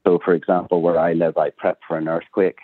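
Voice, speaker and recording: Belfast man, low voice, phoned-in radio guest, tinny line, matter-of-fact delivery. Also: flat delivery, fairly quick, no echo. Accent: Northern Irish, Belfast. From Northern Ireland. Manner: plainspoken, matter-of-fact explaining. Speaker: interview guest. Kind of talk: talk radio interview by phone. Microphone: telephone.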